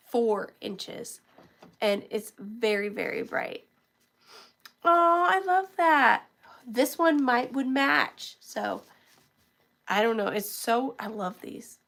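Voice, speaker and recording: A woman's voice: fairly high pitch, creaky, fairly bright tone. A woman chatting casually as she sells antiques in a live stream, gushing over items and counting down bids. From United States. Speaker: live auction seller. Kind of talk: live-stream selling chat.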